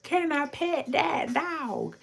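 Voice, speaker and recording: A woman's voice: vocal fry, full character voice. A woman imitating a tiny toddler girl with a country voice who eagerly asks the same thing over and over. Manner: high, slow, repeated pleading.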